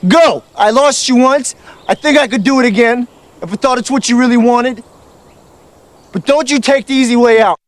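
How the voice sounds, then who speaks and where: A man's voice: very high-pitched, moderate pace. An actor playing an earnest young man pleading with the woman he loves in a film scene. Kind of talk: romantic film dialogue.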